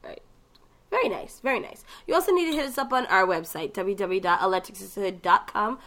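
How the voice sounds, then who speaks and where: A woman with a Boston accent co-hosting a casual podcast, brash and quick to swear and laugh. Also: mid-range voice, expressive, fairly bright tone. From Massachusetts. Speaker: podcast co-host. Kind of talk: casual chat.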